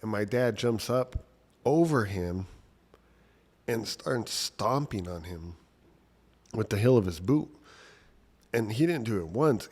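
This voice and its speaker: Deep-voiced guy telling a story from when he was a kid, chatty, says like and right a lot. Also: darkish tone. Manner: conversational, lots of "like" and "right?". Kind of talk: casual personal storytelling.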